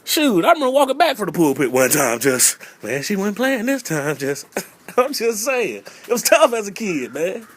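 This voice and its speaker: This comedian from North Carolina speaks in a high, very animated voice at a moderate pace. His stand-up is about a church upbringing, delivered playfully with acted-out voices and frequent repeats of "I'm just saying."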